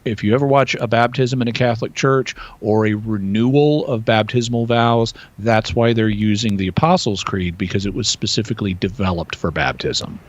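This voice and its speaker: Low-voiced man explaining on radio. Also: muffled recording. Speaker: radio show guest expert answering questions. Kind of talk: explaining on live call-in radio. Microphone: studio microphone.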